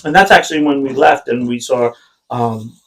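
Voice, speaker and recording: A man co-hosting a casual podcast chat, an animated storyteller who swears, laughs and acts out quotes. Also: medium pitch, normal speed, slight background noise. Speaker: podcast co-host.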